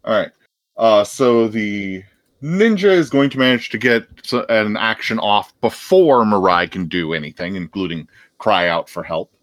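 A man's voice: fairly low pitch, lively intonation, moderate pace, no echo. A man acting as game master, narrating a tabletop game in a laid-back way and chuckling often.

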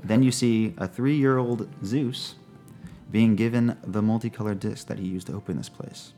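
A man narrating a tabletop role-playing game as game master, slowing down to describe scenes, laughing and swearing casually. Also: fairly low pitch, dark tone, soft background music.

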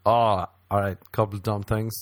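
A man's voice: fairly low pitch, little pitch movement, normal speed, no room sound. A man doing a profane stand-up rant, mocking and slipping into exaggerated voices. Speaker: comedian.

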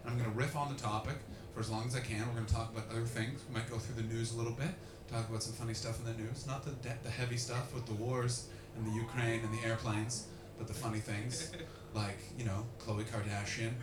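A young man doing stand-up as a comedian and podcast host, brash and profane, working the crowd with sudden shouted bursts. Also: medium pitch, little pitch movement, quick pace. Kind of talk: live stand-up crowd work. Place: live comedy venue with an audience. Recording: roomy, distant live recording with noise.

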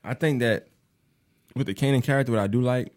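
A man from New York co-hosting a casual podcast. He talks very fast at a medium pitch, playful and stumbling over repeated words. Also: a little mellow, dry recording, clean studio sound. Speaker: podcast co-host. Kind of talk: casual chat.

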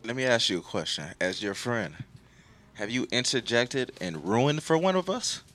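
Podcast guy roasting his friends, voice swings all over, bright sharp tone. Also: mid-range voice, sing-song, moderate pace. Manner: mocking, dramatic, profane. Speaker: podcast co-host. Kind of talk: casual chat.

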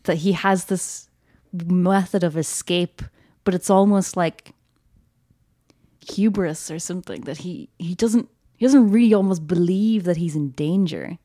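A woman's voice: fairly low pitch, unhurried, mellow. Chatty, laughing woman discussing a film. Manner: chatty and enthusiastic, laughs often, many fillers. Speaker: podcast co-host.

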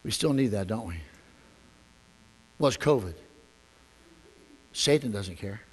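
A man preaching a sermon as a pastor, telling a story with animated rhetorical questions. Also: lowish voice, measured pace, husky. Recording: long echoey hall reverb.

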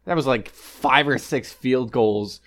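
A man's voice: medium pitch, takes it slowly, a bit bright. A man hosting a sports podcast, talking in a joking, blunt and cheerfully cynical way. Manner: jokey, blunt, mock-cynical. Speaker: podcast host. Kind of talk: casual chat.

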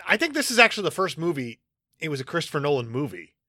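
A man on a film podcast, bright and animated, tossing off jokes and quick riffs. His voice is close and dry, with almost no room sound. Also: on the high side, no room sound. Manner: jokey, quick to riff and do silly voices. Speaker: podcast co-host. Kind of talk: casual movie podcast chat.

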